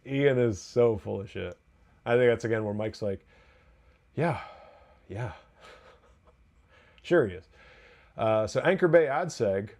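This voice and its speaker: A man hosting a TV podcast, giving a casual, excited episode review full of restarts and asides. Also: lowish voice, measured pace, pauses often. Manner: excited, rambling, with frequent restarts.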